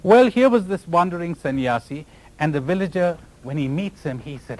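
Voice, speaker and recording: A man's voice: fairly high pitch, animated, normal speed, a little hiss or hum, rough recording. A man from India, giving a spiritual lecture full of stories and laughing at his own jokes. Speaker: spiritual teacher.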